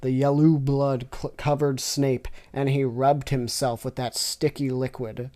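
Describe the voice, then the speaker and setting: Very low-voiced woman, deadpan reading. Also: a little slow. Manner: deadpan, sarcastic asides. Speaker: fanfiction reader. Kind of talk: comic reading with reactions.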